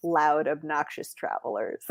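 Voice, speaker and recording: A woman's voice: sits low, measured pace, no echo, clean studio sound. A woman from the United States talking casually as a podcast guest, telling stories full of fillers. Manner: animated storytelling with many fillers. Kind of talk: casual conversation.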